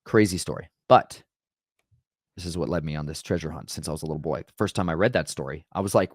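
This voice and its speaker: A man's voice: extremely low pitch, fast talker, husky, dry recording, studio quality. A man casually retelling Bible stories, conversational and emphatic, often checking in with "right?". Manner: conversational, keeps asking "right?"; emphatic and dramatic. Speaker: podcast host.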